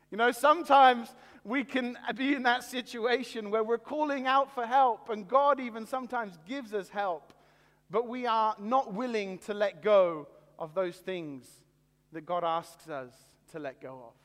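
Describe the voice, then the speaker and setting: A male pastor delivering a sermon to people watching, earnest and deliberate with slow dramatic pauses. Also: high-pitched, a bit bright. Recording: long hall reverb.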